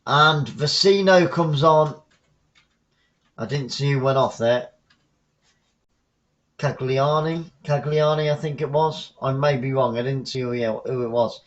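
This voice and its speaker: A man from the south coast of England with a Southern English accent, giving chatty live football commentary as a fan, shouting on goals. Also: medium pitch, measured pace, long pauses, dull audio.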